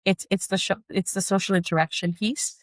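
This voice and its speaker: A mother speaking earnestly as a podcast guest, reflective and frank, at times echoing questions in a higher voice. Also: fairly even intonation, fairly quick. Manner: earnest, reflective, often acts out her son's repeated questions in a higher voice. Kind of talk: candid interview conversation.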